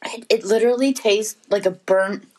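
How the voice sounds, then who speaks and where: A woman's voice: mid-range voice, moderate pace, darkish tone, rough recording. A woman hosting her own podcast, chatting casually with a friend at home as they play a gross-flavour taste challenge, groaning, swearing and laughing. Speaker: podcast host. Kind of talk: casual chat while doing a taste challenge.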